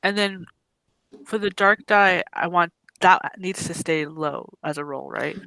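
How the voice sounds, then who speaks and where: A player in a tabletop game speaks casually and tentatively, often asking questions. The voice is bright and crisp, recorded dry and close. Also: medium pitch, measured pace, dry recording, low-quality recording.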